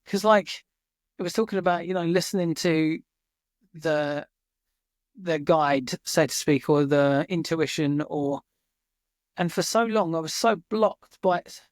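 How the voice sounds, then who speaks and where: A man's voice: on the high side, unhurried, no echo, clean studio sound. A man speaking as a podcast guest, telling his story in an earnest, reflective way and swearing casually now and then. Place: remote farm in Norway.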